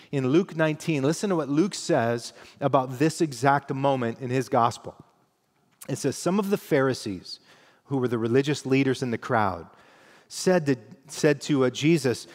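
A man's voice: medium pitch, big-room sound. A man preaching a sermon as pastor, teaching in a conversational way and reading scripture aloud with emphasis.

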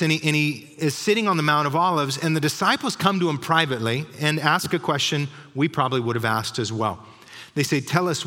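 A man preaching a conversational sermon as a pastor, explaining scripture with animated asides. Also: medium pitch. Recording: long reverb of a large hall.

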